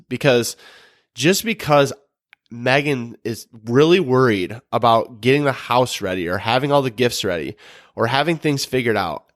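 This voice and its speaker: A man co-hosting a relationship podcast, talking in an earnest, relaxed way with many restarts. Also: mid-range voice, no echo, studio quality. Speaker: podcast co-host. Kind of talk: casual advice talk.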